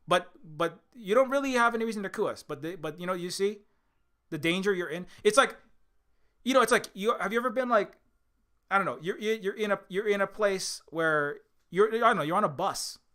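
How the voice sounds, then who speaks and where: A man's voice: sits high, moderate pace, sharp tone. A man ranting casually, profane and rambling, with many restarts and mocking acted-out quotes. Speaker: indie game developer and commentator. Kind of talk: casual rant.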